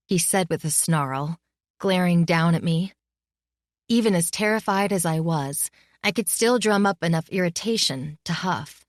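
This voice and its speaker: A woman narrating an audiobook in a measured, close voice that sits on the low side. The sound is dry and near, with no room around it. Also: dry recording. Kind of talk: scripted narration.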